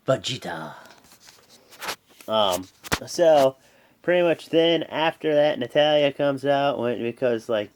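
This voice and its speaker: A young man hosting an excitable live reaction show, rambling with many fillers and restarts. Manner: excitable, jumps high when emphasizing. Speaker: host.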